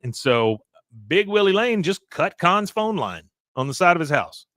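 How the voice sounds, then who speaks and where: A man hosting a podcast, casually retelling a cartoon episode and jumping into squeaky voices when he quotes characters. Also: normal speed, dry recording, clean studio sound. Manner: animated, jumps into high squeaky voices for quotes. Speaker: podcast host. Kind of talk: casual episode recap with retold dialogue.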